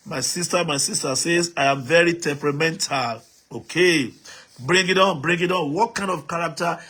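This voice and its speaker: A man's voice: a little high, a bit bright, husky. A Nigerian man hosting a live stream, reading out viewer comments and urging the audience to write in, switching between English, Pidgin and Yoruba.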